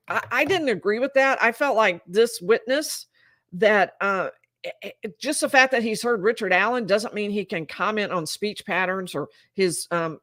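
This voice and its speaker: A woman giving animated, incredulous commentary while recapping trial testimony and acting out quoted dialogue. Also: mid-range voice, no echo, clean studio sound. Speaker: legal commentator.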